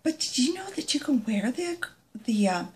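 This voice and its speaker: A middle-aged woman talks through a product demo in a chatty, friendly way. Her voice sits a little high and swings widely in pitch, and she often slips into soft, near-whispered asides. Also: sing-song, normal speed. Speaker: nail product consultant.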